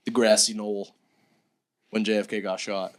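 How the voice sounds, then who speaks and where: A young man co-hosting a casual podcast, excitable, swearing freely and laughing often. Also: fairly low pitch, normal speed. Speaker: podcast co-host. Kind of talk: casual chat.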